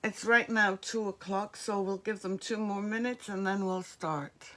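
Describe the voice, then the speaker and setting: Woman from New Jersey, slow unhurried delivery, chatty livestream host, webcam mic. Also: medium pitch, fairly even intonation, sharp tone. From northeastern US. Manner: chatty, friendly asides to commenters. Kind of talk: casual livestream chat greeting viewers.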